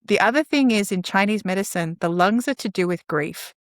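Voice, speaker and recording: A woman giving earnest, practical advice on calming down, sometimes acting out slow breathing as she talks. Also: medium pitch, no echo, studio quality. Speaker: guest speaker on caregiving. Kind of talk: conversational advice.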